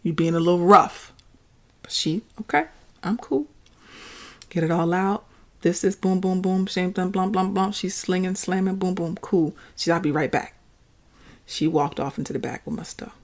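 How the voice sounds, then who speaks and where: A woman hosts her podcast in a relaxed storytelling monologue. Her voice sits a little low and has a gravelly, fry-tinged edge. She talks in a chatty, animated way and keeps turning to her listeners. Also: normal speed. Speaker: podcast host.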